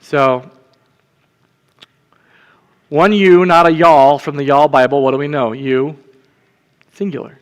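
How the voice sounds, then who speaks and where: A man's voice: a little high, fairly even intonation, takes it slowly, pauses often. Man preaching in an echoing church. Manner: conversational, checks in with the congregation. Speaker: deacon preaching. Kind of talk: sermon teaching. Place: church sanctuary. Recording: long church reverb.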